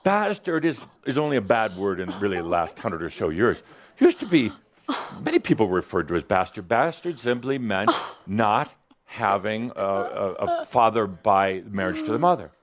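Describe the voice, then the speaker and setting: A man's voice: lowish voice, very animated, normal speed. A man giving a playful, provocative spiritual teaching talk to a live audience in a workshop room, laughing often.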